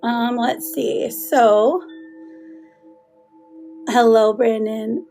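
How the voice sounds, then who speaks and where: Hoarse woman chatting on a live tarot stream, kinda high voice, faint music behind. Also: very slow, long pauses. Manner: chatty, greets viewers by name, laughs often. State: hoarse from laryngitis. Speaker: tarot reader hosting a livestream. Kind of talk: casual livestream chat.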